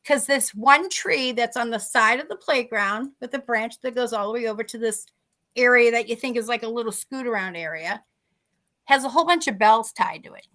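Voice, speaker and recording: A woman co-hosting a podcast, telling a story in a lively, chatty way and acting out the dialogue. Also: fairly high pitch, normal speed. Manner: animated, acts out quoted dialogue. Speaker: podcast co-host. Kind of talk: casual storytelling.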